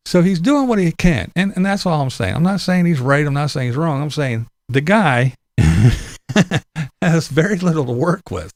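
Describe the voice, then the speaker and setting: A man's voice: fairly high pitch, sing-song, measured pace, no echo. Blunt, profane middle-aged man venting. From Pennsylvania. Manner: blunt, profane, laughs between points. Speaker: vlogger. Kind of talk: casual opinion monologue.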